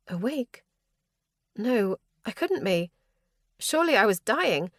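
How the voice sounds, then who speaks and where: A woman's voice: a little high, sing-song, slow pace, pauses often, a bit bright, no room sound, studio quality. A woman reading a first-person fantasy audiobook with a tense, dramatic delivery. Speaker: audiobook narrator.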